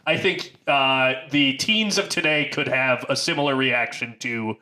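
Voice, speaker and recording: A man's voice: medium pitch, unhurried, pushed and bright. A man co-hosting a film podcast in casual chat, rambling with many fillers and restarts. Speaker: podcast co-host.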